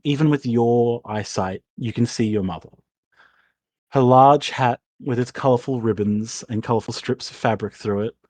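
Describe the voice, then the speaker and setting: A man running a tabletop game, narrating in a loose, rambling flow with casual swearing. His voice sits at a middle pitch, and the sound is dry and close. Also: darkish tone, dry recording. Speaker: game master.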